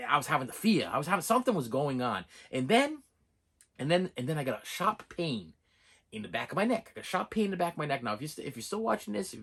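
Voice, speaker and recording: Animated husky man rambling to camera. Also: mid-range voice. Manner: animated, repetitive storytelling with restarts. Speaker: movie collector vlogger. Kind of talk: rambling casual monologue.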